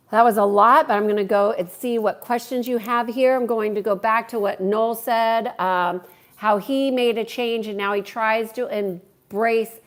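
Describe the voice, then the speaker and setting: A woman hosting a live stream, chatting with viewers and answering their questions in a friendly, talkative way. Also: medium pitch. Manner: warm, chatty, greets viewers by name. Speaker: livestream host and coach.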